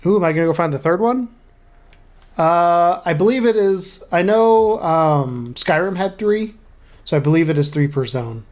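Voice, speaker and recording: A man with a slightly high voice chats his way through a game session. He sounds casual and irreverent, tossing out offhand swears between story beats. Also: lively intonation, moderate pace, a little mellow. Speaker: gamer playing through the story. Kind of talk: casual gameplay commentary.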